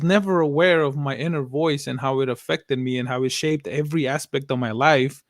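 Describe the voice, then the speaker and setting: A man's voice: mid-range voice, steady tone, brisk, dry recording. A young adult man co-hosting a podcast, reflective and earnest in casual chat, swearing casually and dropping in some Spanish. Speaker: podcast co-host.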